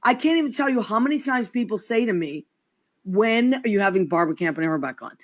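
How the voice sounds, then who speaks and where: A woman's voice: medium pitch, lively intonation, quick pace. A woman hosting a casual chat show, gushing and affectionate with her guests. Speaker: host.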